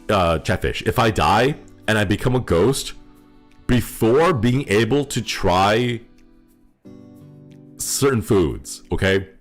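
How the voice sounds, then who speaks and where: A male streamer chatting casually with viewers, rambling and laughing often as he thanks supporters. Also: low-pitched.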